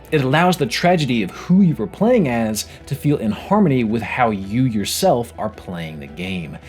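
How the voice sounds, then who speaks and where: A man narrating a scripted game review video, animated, wry and self-mocking. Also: on the low side.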